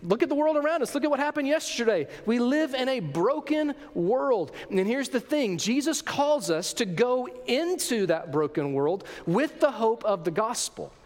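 High-voiced preacher in an echoing hall. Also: male voice, sing-song, moderate pace, few pauses. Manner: emphatic, rhetorical questions, dramatic swings in pitch and loudness. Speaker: pastor. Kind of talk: sermon.

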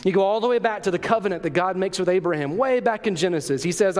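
A pastor preaches in a conversational way, asking his congregation questions as he goes. His voice sits high for a man. The sound carries the long reverb of a church hall. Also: lively intonation, quick pace, hardly any pauses. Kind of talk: sermon. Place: church sanctuary.

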